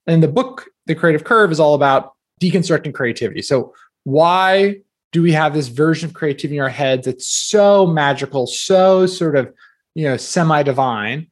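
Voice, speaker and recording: Chatty man from New Jersey, slightly high. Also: animated. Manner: fast, filler-heavy, self-deprecating storytelling. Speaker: guest author. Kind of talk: casual interview talk.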